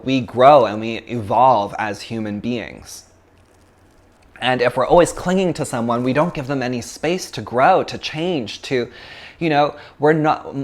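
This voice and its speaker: Chatty man teaching yoga. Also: medium pitch. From Canada. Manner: chatty, many fillers, laughs often. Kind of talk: casual philosophy talk in a class.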